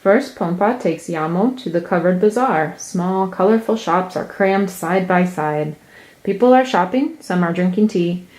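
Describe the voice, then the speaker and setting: A woman narrating a children's picture book. She reads in a soft, slow, deliberate way, clearly setting out each scene. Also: fairly low pitch, animated. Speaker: storyteller. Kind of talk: picture-book read-aloud.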